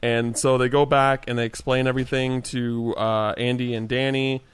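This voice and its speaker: A man co-hosting a podcast, casually recapping events with frequent "uh" pauses. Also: medium pitch, clean tone. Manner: relaxed recap with many "uh" pauses. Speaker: podcast co-host. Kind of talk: casual chat recapping a video game.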